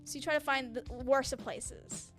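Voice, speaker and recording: A woman's voice: sits high, steady tone, moderate pace, lightly acted. A woman voicing a sulky, dismissive teenage girl with a snarky, whiny way of talking, over game music.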